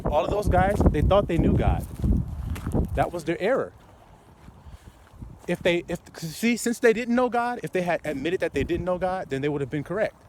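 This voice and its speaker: Laughing street preacher man, lively pitch. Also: background noise. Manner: laughing, rhetorical, drawn-out repetitions. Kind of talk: casual outdoor sermon to phone camera. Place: outdoors on a city street, walking. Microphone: phone held while walking.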